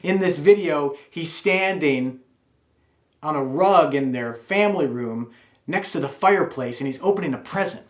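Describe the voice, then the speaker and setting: A man's voice: fairly high pitch, moderate pace, reverberant. A man telling a wry, confessional personal story.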